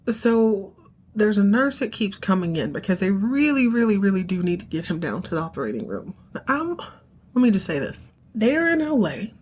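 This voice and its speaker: A woman hosting a podcast, casually recapping a soap opera episode and acting out the characters' lines with animated, emotional storytelling. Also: mid-range voice.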